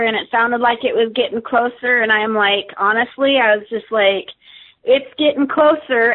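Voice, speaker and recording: Woman, guest on a call-in show, halting chatty storytelling, fairly high voice, phone-line sound. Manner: halting, many fillers and restarts. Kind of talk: casual storytelling.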